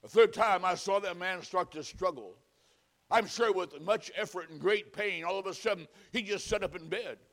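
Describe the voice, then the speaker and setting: A man preaches a sermon in a fairly high-pitched voice. He tells a story in hushed, quiet tones and builds to forceful exhortation. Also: normal speed, vocal fry. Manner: storytelling with hushed quoted whispers and rising exhortation.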